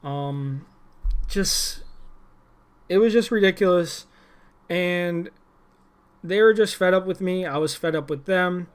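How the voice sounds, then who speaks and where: A man's voice: high-pitched, slow pace, pauses often, smooth. A young man ranting about a former job in a rambling, irritated way, with frequent restarts and fillers. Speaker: former gym employee. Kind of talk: casual vlog rant.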